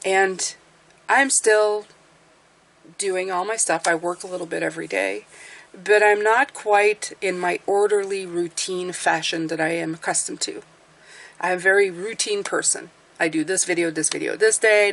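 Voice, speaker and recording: Woman, tarot reader, casual chat, rambling, talkative, slightly low voice. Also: gravelly, a bit bright. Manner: rambling, talkative, self-deprecating. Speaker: tarot card reader hosting her channel. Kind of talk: casual chatty reading.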